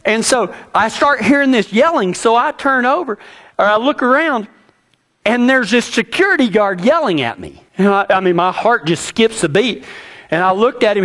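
Man, middle-aged, preacher, folksy storyteller, voice rising and falling sharply. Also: a bit bright. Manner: folksy, storytelling, with many restarts and wide swings of pitch. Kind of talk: sermon with personal story.

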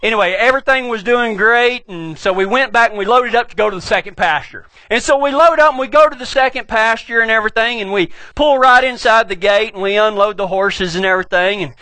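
A middle-aged man with a West Texas accent, a pastor telling a humorous story in an animated, folksy way. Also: sits high, brisk, few pauses, no echo.

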